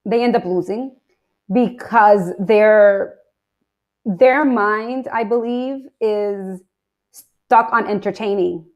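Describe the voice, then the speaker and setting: A woman's voice: mid-range voice, slow pace, lo-fi sound. A woman hosting an interview, curious, asking long and winding questions of her guest. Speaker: podcast host.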